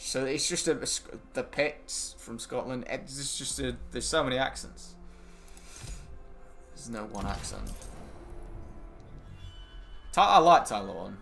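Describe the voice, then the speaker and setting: A young British man streams games, chatting casually in a lowish, creaky voice at a slow pace with long pauses; his tone is fairly bright, and soft music plays in the background. He rambles between topics, answers chat, and swears loosely.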